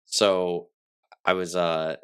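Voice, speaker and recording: A young man with a very low voice chats casually on a podcast, sniffling a little as he goes. He tells his stories loosely and fills them with "like". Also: flat delivery, very slow, clean tone. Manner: storytelling with acted quotes, many "like" fillers. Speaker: podcast guest.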